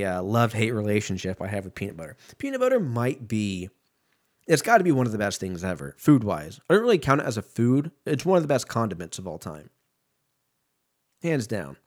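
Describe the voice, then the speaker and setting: Profane rambling man in his thirties. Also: fairly low pitch. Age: 30s. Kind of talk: casual rambling monologue.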